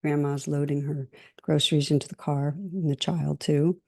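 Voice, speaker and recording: A middle-aged woman giving a meditation teacher's dharma talk, gentle and measured, telling stories and listing things slowly. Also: low voice, fairly even intonation, gravelly.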